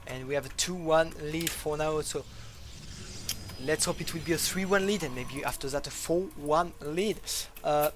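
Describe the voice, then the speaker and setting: A man casting a live strategy game in casual, halting commentary with many fillers and a faint noise floor. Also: a little high. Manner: chatty, hesitant with many fillers, laughs. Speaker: esports caster.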